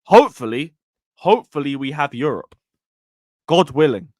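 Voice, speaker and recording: A man hosting a casual football livestream, reading out chat and calling for likes. His voice sits a bit high and moves around lively. The sound is dry and close. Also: normal speed, no echo. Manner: chatty, reads out chat messages. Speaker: livestream host.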